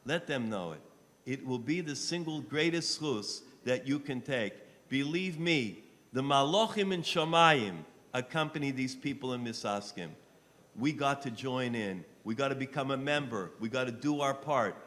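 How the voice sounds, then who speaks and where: A man making an impassioned fundraising appeal on a live telethon, pleading and rising to shouts. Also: mid-range voice, lively intonation, moderate pace, long reverb tail. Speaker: rabbi appealing for donations. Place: telethon studio.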